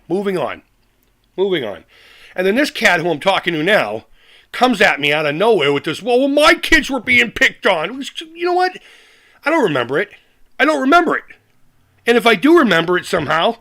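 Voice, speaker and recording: Angry high-voiced man ranting. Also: pushed and bright. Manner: angry, profane, fired-up; repeats himself and restarts often. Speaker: retro gaming YouTuber. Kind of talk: live-stream rant.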